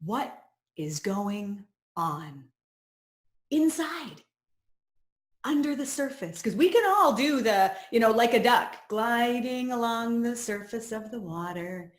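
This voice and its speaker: A woman's voice: fairly high pitch, expressive, slow pace. Earnest woman coach in a roomy space. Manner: earnest and personal, sharing her own story. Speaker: personal growth coach leading a course. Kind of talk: reflective teaching talk. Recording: roomy echo.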